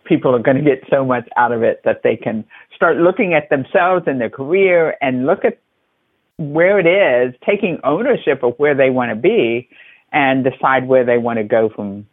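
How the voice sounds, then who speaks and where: A man hosting a podcast interview, effusive and emphatic, piling on warm praise for his guest. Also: mid-range voice, normal speed, slightly rough, no echo. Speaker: podcast host. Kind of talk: conversational interview. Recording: thin phone-like line, dry.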